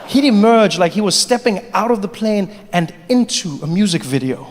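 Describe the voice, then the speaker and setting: A male comedian telling stories on stage in an animated, playful way. His voice sits fairly high. The sound carries the long reverb of a large live venue, with a faint crowd ambience behind. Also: moderate pace, slight background noise. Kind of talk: stand-up comedy.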